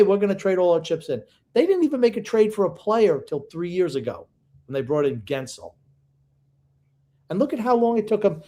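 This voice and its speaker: Gruff opinionated older man, podcast. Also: high voice, a little mellow. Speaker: podcast co-host. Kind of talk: casual sports podcast chat.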